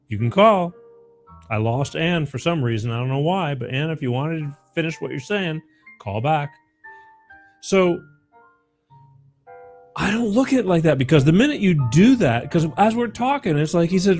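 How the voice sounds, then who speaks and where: A man's voice: on the high side, darkish tone. A man hosting a live call-in show, talking casually and rambling, often repeating the phone number.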